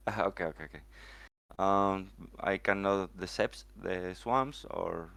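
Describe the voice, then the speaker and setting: A man playing in a tabletop game, hesitant and unsure, trailing off and filling pauses. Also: sits low, gravelly, a bit bright. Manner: hesitant, unsure, many fillers. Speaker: player.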